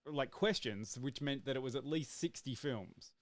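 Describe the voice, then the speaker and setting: A man's voice: mid-range voice, expressive, normal speed, no echo. A man co-hosting a podcast in casual chat, rambling and laughing often as he restarts his words. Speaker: podcast co-host.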